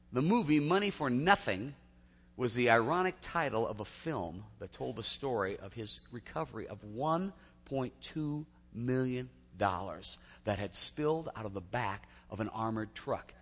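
A man preaching a sermon in a chatty storytelling way, often restarting his sentences. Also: medium pitch. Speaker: pastor. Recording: long hall reverb.

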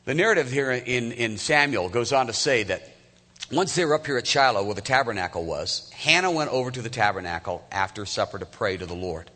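Bright-voiced man in his fifties preaching. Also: mid-range voice, lively intonation, fairly quick. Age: 50s. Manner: conversational, asks the congregation direct questions. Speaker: pastor. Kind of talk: sermon. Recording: echoey hall.

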